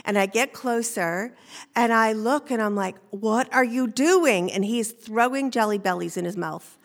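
An older woman from Maine telling a personal story live on stage, in an animated, conversational way, and acting out the voices she quotes. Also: medium pitch, moderate pace, gravelly. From Maine, USA. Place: stage before an audience.

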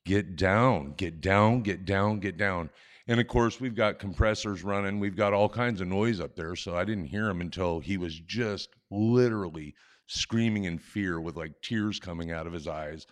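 A man in his sixties telling a personal story live on stage into a microphone, animated and self-mocking with frequent chuckles. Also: deep voice, moderate pace.

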